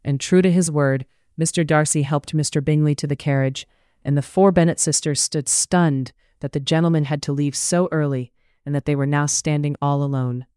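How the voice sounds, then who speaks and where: An audiobook narrator telling a period romance in a measured, even read. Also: mid-range voice, smooth, no echo, studio quality.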